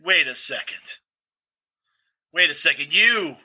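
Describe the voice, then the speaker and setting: A man's voice: a little high, animated, sharp tone, exaggerated voice, poor audio. A man playing an intense ninja fanatic. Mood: menacing. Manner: self-serious, threatening, halting. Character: pompous ninja-obsessed bookstore owner, intense. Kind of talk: improvised comedy.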